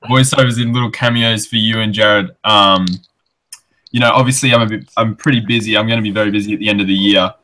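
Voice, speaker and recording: A man's voice: fairly low pitch, fairly even intonation, fast, bright, forceful tone, a little hiss or hum. A man chatting enthusiastically as a guest on a casual podcast. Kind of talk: casual chat.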